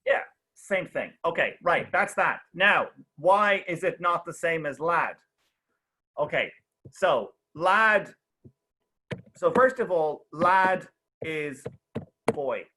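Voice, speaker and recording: A young man runs a relaxed online English lesson, talking in a bright, slightly high voice. He explains with example after example and keeps checking in with his students. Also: takes it slowly, pauses often. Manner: chatty, explains with many examples and checks "okay?". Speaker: English teacher. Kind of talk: casual online class.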